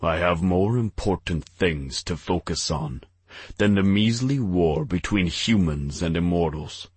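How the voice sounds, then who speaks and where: A man voicing a cruel ancient archangel who speaks slowly, with cold disdain. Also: low-pitched, breathy edge, no room sound. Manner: slow, measured, disdainful.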